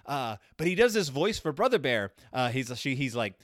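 At normal speed, a man on his podcast delivers a sarcastic, rambling take on a children's book, animatedly varying his pitch and volume. The audio is studio quality with no echo, and his hosting style is casual.

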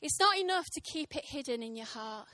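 A woman in her thirties preaching a sermon, telling a funny story with animated, impassioned, punchy delivery to a church congregation. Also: high-pitched, a little fast, no echo. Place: church service.

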